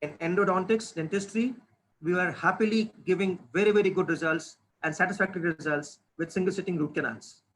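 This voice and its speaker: High-voiced man lecturing earnestly. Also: brisk, fairly bright tone, slight background noise, rough recording. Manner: earnest, with frequent restarts and emphasis. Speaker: dentist presenting a webinar. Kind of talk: lecture presentation. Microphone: webinar computer microphone.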